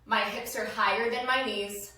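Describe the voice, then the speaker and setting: A woman's voice: fairly high pitch, fairly even intonation, normal speed, pushed and bright, roomy sound, rough recording. A woman strength coach giving upbeat, casual instructions with slang and countdowns for kettlebell lifts.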